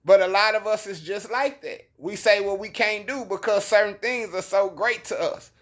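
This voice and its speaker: A man's voice: high-pitched, moderate pace, fairly bright tone. A man giving a casual, slangy Bible lesson, telling the story in an emphatic conversational way. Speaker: bible teacher. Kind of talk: casual preaching monologue.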